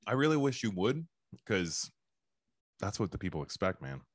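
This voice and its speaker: Deep-voiced teasing podcast co-host. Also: male voice, very animated, moderate pace, no echo, studio quality. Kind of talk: casual chat.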